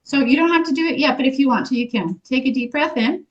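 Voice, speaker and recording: A woman in her fifties leading a guided group workshop, speaking in a gentle, earnest way with frequent restarts. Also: sits high, fast. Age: 50s. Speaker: energy healing workshop leader. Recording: dull lo-fi recording.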